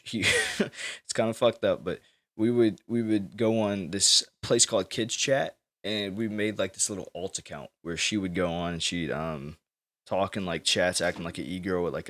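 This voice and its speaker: A young man hosting his own talk show, with a very low-pitched voice. He rambles and swears freely, restarting sentences as he tells stories in loose casual chat. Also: fairly bright tone. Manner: rambling, profane, loose storytelling. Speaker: podcast host.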